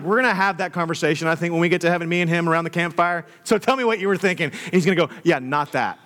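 A young man, a pastor, preaching a sermon in a conversational way with jokey asides and animated emphasis. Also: high-pitched.

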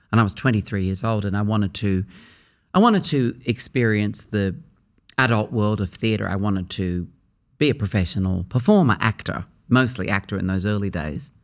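A middle-aged man from Australia, a theatre actor, recalling his early career in a reflective interview, talking in a musing way with restarts and pauses. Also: lowish voice, a bit bright.

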